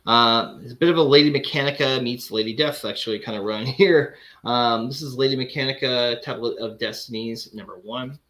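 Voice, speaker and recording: A man's voice: mid-range voice, brisk, few pauses, bright, forceful tone, a little hiss or hum. Rambling man chatting about comics. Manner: rambling, many fillers and restarts. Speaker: comic collector host. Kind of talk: casual chat showing comics.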